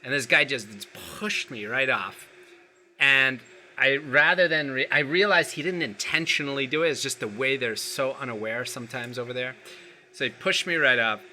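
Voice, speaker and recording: A man as a qigong instructor guest, talking earnestly in a halting way with many restarts. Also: mid-range voice, pushed and bright, slight background noise. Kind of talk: casual interview chat.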